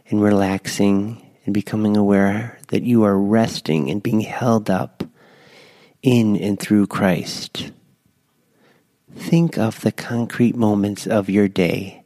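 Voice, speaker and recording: A man guiding listeners through a slow, gentle breath prayer. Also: fairly low pitch, fairly even intonation, dry recording. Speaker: prayer leader.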